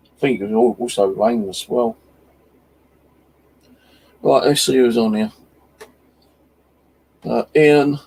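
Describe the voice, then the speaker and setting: A man's voice: mid-range voice, moderate pace, gravelly, long pauses, a little mellow, breathy edge, poor audio. A British man hosting his own channel, telling a rambling, sweary story full of fillers in a casual live-stream chat. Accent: British English. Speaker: channel host.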